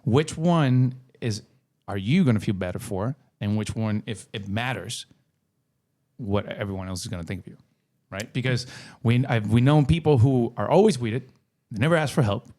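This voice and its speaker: A man co-hosting a podcast, speaking in a measured, advice-giving way in casual chat. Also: mid-range voice, warm tone. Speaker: podcast co-host.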